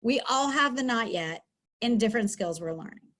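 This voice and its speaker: A woman's voice: fairly high pitch, lively intonation, moderate pace, a bit bright. A middle-aged woman, a school counselor, giving an upbeat, chatty webinar lesson from home over a video call, with many fillers. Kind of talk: webinar teaching talk.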